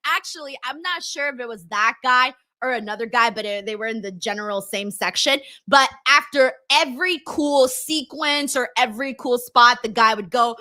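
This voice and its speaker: Bright, high-voiced animated woman co-host. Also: moderate pace. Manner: animated, laughs often, acts out crowd reactions. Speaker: wrestling show co-host. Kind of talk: casual podcast chat.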